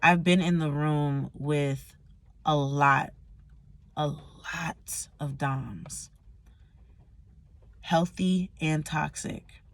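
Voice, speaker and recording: Gravelly-voiced young woman vlogging candidly. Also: deep voice, very slow, pauses often. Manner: emotional, candid, swears freely, slangy. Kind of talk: candid personal vlog monologue.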